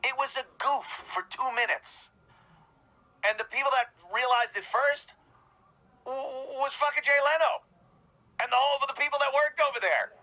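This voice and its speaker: A man's voice: extremely high pitch, moderate pace, long pauses, pushed and bright, low-quality recording. A man ranting scornfully in profane, mocking commentary as a podcast host.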